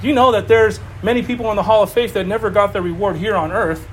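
A man preaching an informal sermon, animated and emphatic, repeating phrases and laughing often. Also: high-pitched, fast, a little hiss or hum. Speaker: preacher teaching a Bible study.

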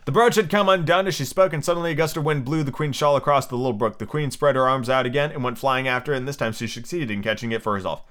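A man's voice: mid-range voice, fast, hardly any pauses, fairly bright tone. Brief: casual male host, mid voice, reading a story aloud and drifting into chatty tangents. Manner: rambling, filler-heavy asides. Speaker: podcast host. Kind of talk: casual book reading with asides.

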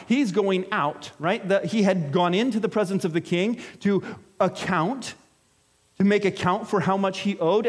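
High-voiced man preaching conversationally. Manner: conversational, explains with everyday examples and acted-out quotes. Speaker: pastor. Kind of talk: sermon.

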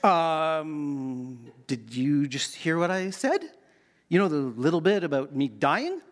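A man's voice: fairly high pitch, sing-song, slow, voice pushed down. A man doing a dry, puzzled Jesus. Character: patient, baffled Jesus in a comic skit.

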